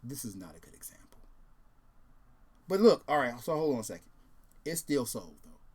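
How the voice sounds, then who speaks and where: A man hosts a casual video, rambling along in a relaxed, laid-back way. His middle-pitched voice has a breathy edge and a moderate pace, and his speech is full of ums and restarts.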